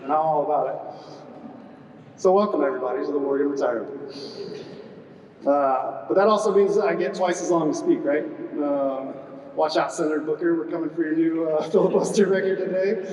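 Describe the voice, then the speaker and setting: A man's voice: a little high, brisk, darkish tone. A middle-aged man presiding over a retirement ceremony as squadron commander, giving a humorous speech full of "uh" fillers and audience banter. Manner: joking, chatty, with frequent "uh" fillers and audience banter. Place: large hall. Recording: echoey hall from a distance.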